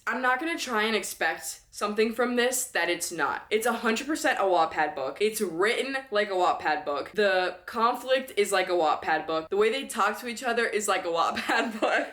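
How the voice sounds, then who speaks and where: A woman's voice: mid-range voice, a bit bright. A woman in her twenties giving a casual spoken book review, blunt and exasperated, often laughing as she rants. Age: 20s.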